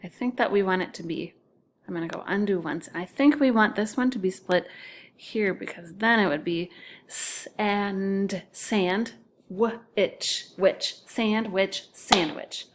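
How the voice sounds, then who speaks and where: A woman with a mid-range voice speaks at a normal pace over slight hiss or hum. She teaches a recorded phonics lesson to second graders, patiently sounding out words syllable by syllable and often whispering the letter names.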